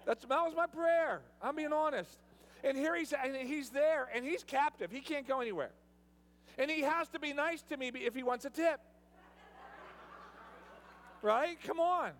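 A man, a pastor, preaching a sermon in a storytelling way, repeating words and restarting, at times building to loud preaching. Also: very high-pitched, a little slow, long pauses. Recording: long reverb of a large hall.

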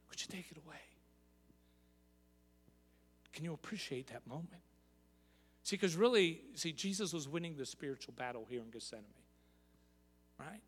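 Man preaching in a reverberant sanctuary. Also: mid-range voice. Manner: repeats phrases for emphasis, asks rhetorical questions. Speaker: pastor. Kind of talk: sermon. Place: church sanctuary. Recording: long reverb of a large hall.

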